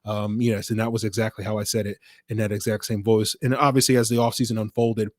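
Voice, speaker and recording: A man's voice: lowish voice, flat delivery, fast talker, no room sound. A man hosting a solo sports podcast, talking through his analysis in a conversational way with plenty of fillers and some dry sarcasm. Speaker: podcast host.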